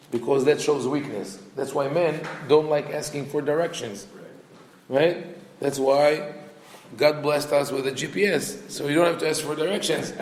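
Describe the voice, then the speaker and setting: A man's voice: on the high side, darkish tone. A rabbi teaching a casual class, talking in a conversational, digressive way and acting out quoted lines as he tells a story. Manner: conversational and digressive, peppered with "you know". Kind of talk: casual Torah class lecture. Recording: echoey hall with faint background noise.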